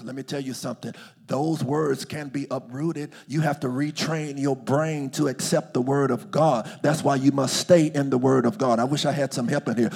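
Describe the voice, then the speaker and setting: A man preaching a sermon, calling out to the congregation and swinging from hushed asides to loud, drawn-out declarations. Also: medium pitch, vocal fry, husky. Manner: call-and-response preaching, swings from hushed to shouting.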